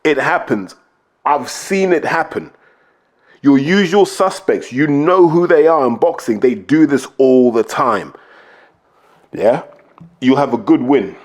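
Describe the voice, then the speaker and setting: A man hosts a podcast, talking bluntly and emphatically at an average pitch. He lays out his points one by one and hammers them home in casual, opinionated commentary. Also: lively intonation, takes it slowly, pauses often. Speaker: podcast host, boxing pundit.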